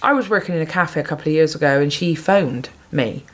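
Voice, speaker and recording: A young adult woman, telling stories in an animated, sweary podcast chat. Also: deep voice, brisk. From Bristol, England. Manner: animated, swearing, quotes others in voices. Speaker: comedian guest. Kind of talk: casual podcast chat, storytelling.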